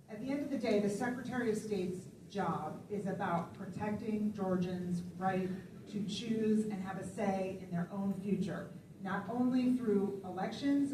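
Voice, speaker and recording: A woman's voice: medium pitch, darkish tone. A woman in elected office speaks firmly and assertively as a candidate, laying out her record. She is picked up from a distance in an echoey room with noticeable background noise. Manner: firm, assertive. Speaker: county commissioner and candidate. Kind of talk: campaign stump speech. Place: public forum hall.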